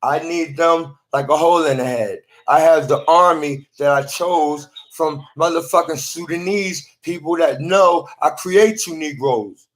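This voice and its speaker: A man's voice: on the high side, unhurried, few pauses. A man talking to a phone in a rambling monologue, often repeating and restarting his words.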